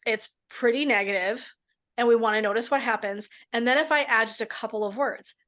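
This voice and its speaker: A middle-aged woman who works as a midlife coach and therapist leads podcast listeners through a mindset exercise. Her fairly high, slightly bright voice carries a frank, casual style, with an occasional swear word.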